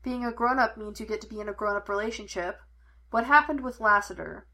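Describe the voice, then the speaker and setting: A woman voicing a weary, steady older father who is a former cop, speaking in a measured, firm and patient way. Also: medium pitch. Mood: gentle.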